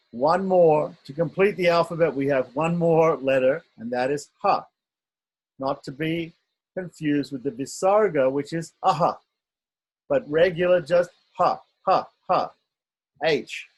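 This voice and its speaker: Husky man teaching script sounds. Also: fairly high pitch, a little slow, long pauses, darkish tone, rough recording. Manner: patient, repeats sounds and checks in with "right?". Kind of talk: online script lesson.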